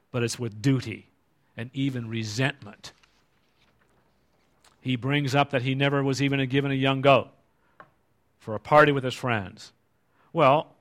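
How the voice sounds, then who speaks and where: A man preaching in an easy, conversational way, his pitch sitting right in the middle. He keeps turning to the congregation with rhetorical questions as he explains the passage. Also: fairly bright tone. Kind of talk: sermon.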